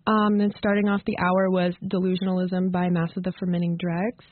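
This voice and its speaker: A woman's voice: lowish voice, brisk, no room sound. Chatty woman radio DJ, tinny and dry. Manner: relaxed, chatty, eating while talking. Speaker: college radio DJ co-host. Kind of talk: casual on-air chat.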